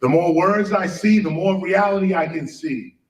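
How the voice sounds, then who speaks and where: A man's voice: high voice, moderate pace. A man lecturing an audience, firing questions and spelling out words letter by letter, heard from a distance in a large room. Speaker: speaker. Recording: roomy, from a distance.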